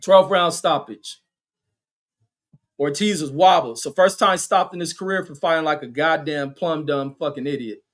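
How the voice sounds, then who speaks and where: A man doing casual, crude play-by-play commentary on a boxing livestream. He reads chat comments aloud, stumbles over "says" and "uh" fillers, and yells when punches land. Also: moderate pace. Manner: shouts and jumps high in pitch at big punches and knockdowns.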